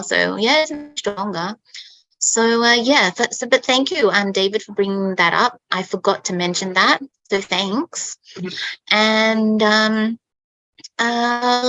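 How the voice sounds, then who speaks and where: Australian woman, chatty, clear bright voice, dry close sound, video call. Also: mid-range voice, no echo, poor audio. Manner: chatty, fills speech with "okay" and "like". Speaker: guest speaker for English learners. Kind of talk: casual chat, storytelling.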